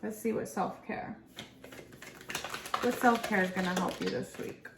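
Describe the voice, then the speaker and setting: A woman's voice: mid-range voice, fairly even intonation, measured pace. A woman giving a casual pick-a-pile tarot reading, chatty and encouraging, talking straight to her viewers. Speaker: tarot reader. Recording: echoey room with faint background noise.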